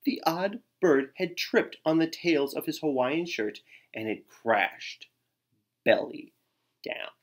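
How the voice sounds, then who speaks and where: A man reading a children's picture book aloud in an expressive way, with gasps and sighs. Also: fairly high pitch, slow pace. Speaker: storyteller.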